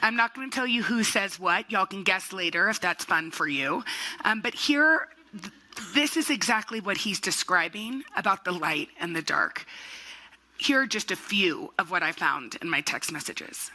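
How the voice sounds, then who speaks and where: Woman host, very bright timbre, lively playful stage chatter. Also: mid-range voice, moderate pace, low-quality recording. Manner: chatty, animated, laughing often, playful asides to the audience. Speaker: host and book club moderator. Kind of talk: onstage conversation. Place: festival stage.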